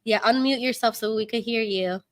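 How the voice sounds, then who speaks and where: A woman's voice: on the high side, moderate pace, no echo. Chatty New York Puerto Rican woman. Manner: chatty, laughs often, reads chat comments aloud. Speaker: livestream host. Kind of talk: casual livestream chat.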